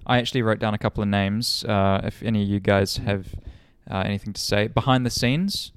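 A man's voice: fairly low pitch, fairly even intonation, fairly quick, clean tone. A young man and racing driver co-hosting a podcast in casual, joking banter. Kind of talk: casual chat.

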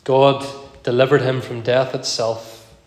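A man preaching an evening sermon in a measured, earnest way, slowing down to read verses aloud, with an occasional cough. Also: medium pitch, flat delivery, darkish tone, roomy sound. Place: church.

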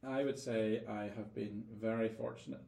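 A man's voice: lowish voice, steady tone, moderate pace, warm tone, echoey room. A man with a Northern Irish accent, a guest telling stories in a casual interview, thoughtful and often repeating words as he gathers his thoughts. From Northern Ireland.

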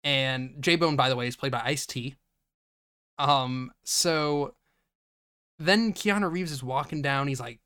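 A man's voice: fairly high pitch, fairly bright tone. A young man hosting a podcast, recapping a movie casually, laughing and swearing freely. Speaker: podcast host.

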